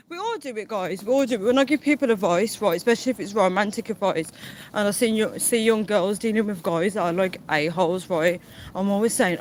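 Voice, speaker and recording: A woman's voice: medium pitch, a little fast, heavy background noise. Breathless woman talking while walking. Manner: chatty, reads out viewer comments. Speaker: live streamer. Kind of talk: casual live-stream chat.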